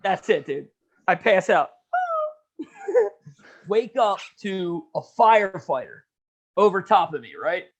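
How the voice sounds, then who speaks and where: A young man with a notably high voice tells a story on a podcast. He is animated and slangy, swears freely and drops "dude" into nearly every sentence. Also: takes it slowly, pauses often. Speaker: podcast co-host. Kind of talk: casual storytelling chat.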